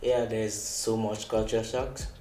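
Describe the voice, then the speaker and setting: A man from Togo explaining calmly in a casual group discussion. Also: on the low side, takes it slowly, a little hiss or hum. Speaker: panel guest. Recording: echoey room, music underneath.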